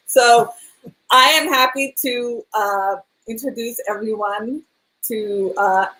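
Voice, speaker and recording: A woman's voice: on the high side, slow, bright, forceful tone, poor audio. A woman co-hosting a casual interview show, chatty and laughing often. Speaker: talk show co-host. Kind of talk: casual video-call interview.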